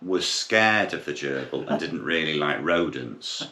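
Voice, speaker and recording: A man's voice: a bass voice, expressive, unhurried, creaky, sharp tone. A middle-aged man, co-hosting a casual family chat and telling old stories with a wry touch. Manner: reminiscing storyteller, wry. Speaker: podcast co-host. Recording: roomy echo, faint noise.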